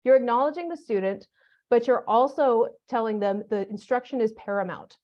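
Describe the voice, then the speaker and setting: A woman with a slightly high voice speaks at a normal pace, and the recording sounds lo-fi. She's giving a conference workshop for teachers, keeping it conversational and funny while offering practical classroom examples.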